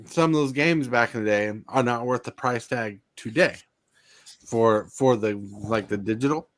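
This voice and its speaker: A man's voice: moderate pace, dry recording. Man, casual podcast chat, rambling, filler words, dry close sound. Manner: rambling, repeats himself, gets defensive and shrill. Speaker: podcast co-host.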